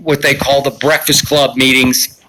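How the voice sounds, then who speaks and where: Sixties male sports commentator, bright forceful voice, emphatic and opinionated solo talk. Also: medium pitch, level tone, unhurried, slight background noise, poor audio. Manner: opinionated, emphatic basketball critique with sarcastic asides. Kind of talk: solo live-stream commentary.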